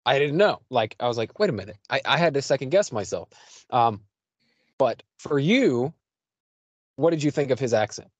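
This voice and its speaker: A man's voice: mid-range voice, lively intonation, normal speed, long pauses, no room sound, lo-fi sound. A man from the United States hosting a podcast, recapping an episode in a loose, rambling way with lots of fillers. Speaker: podcast host. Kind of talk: casual chat.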